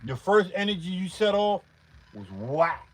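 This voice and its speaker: Brief: male beat producer on a livestream, slightly high voice, profane, heated, repetitive rant to chat. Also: very animated, measured pace, rough recording. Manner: profane, heated, repetitive, swinging loud and quiet. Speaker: beat producer streaming live.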